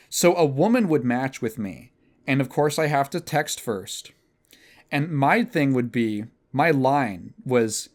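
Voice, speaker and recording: A man's voice: medium pitch, animated, unhurried. A young man hosting a podcast, telling a rambling, profane, self-mocking story in casual chat. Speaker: podcast host.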